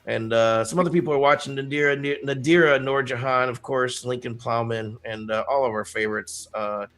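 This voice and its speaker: A man hosting a live music show, joking loosely and giving shout-outs to viewers. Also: medium pitch, fairly even intonation, brisk. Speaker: show host. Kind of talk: casual live show chat.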